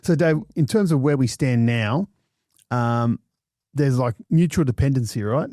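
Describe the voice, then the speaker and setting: A man's voice: mid-range voice, unhurried, warm tone, no echo, clean studio sound. A man co-hosting a podcast in a chatty, questioning way, with crude jokes now and then. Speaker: podcast co-host. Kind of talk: casual podcast chat.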